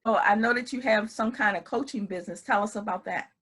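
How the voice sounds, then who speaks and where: A woman of middle pitch hosts a casual interview. She asks short, plain questions and gives encouraging murmurs while her guest talks. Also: quick pace, a bit bright, husky. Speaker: interview host.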